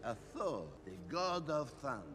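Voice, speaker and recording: A man's voice: on the high side, big pitch swings, normal speed, fairly bright tone, big-room sound. Pompous king of the gods. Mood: haughty. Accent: Greek-Italian mix. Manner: grand, dismissive, theatrical.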